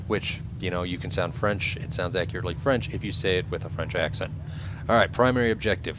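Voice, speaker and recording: Deep-voiced man narrating a flight game. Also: slight background noise. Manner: relaxed, explains as he goes, many ums and uhs. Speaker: gameplay video host. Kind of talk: casual gameplay commentary.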